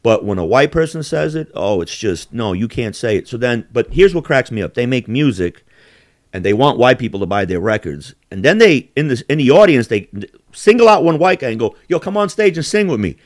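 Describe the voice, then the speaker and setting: A man's voice: mid-range voice, big pitch swings, brisk, a little mellow, no room sound, studio quality. A man hosting a podcast, talking in heated, profanity-laden rants with big swings in emphasis. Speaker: podcast host. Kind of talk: casual heated chat.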